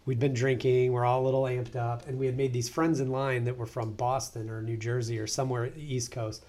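A man telling a story in casual chat, profane and animated, acting out other people's voices. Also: mid-range voice, brisk.

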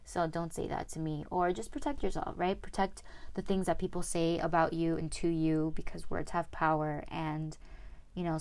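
A woman's voice: on the low side, a bit bright. A young woman hosting her own podcast, chatting casually and upbeat with lots of fillers. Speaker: podcast host. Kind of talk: casual solo podcast chat.

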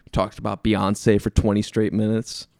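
A young man chatting casually as a podcast guest, relaxed and laughing, a bit self-deprecating. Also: on the low side, moderate pace, vocal fry, no room sound, clean studio sound. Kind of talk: casual chat.

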